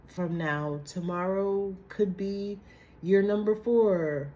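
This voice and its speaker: Raspy, hoarse woman, low-ish voice, casual blunt tarot reader talking to her viewers. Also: fairly even intonation, unhurried, warm tone. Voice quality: dry, raspy voice. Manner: blunt, chatty, slangy. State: hoarse from a cold. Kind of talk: casual tarot reading to camera.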